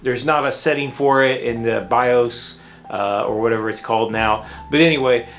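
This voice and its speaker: A man's voice: mid-range voice, moderate pace, a bit bright, soft background music. A man, a vlogger and art teacher, telling a frustrated story in a casual, rambling monologue with many restarts, recorded indoors under a beauty light.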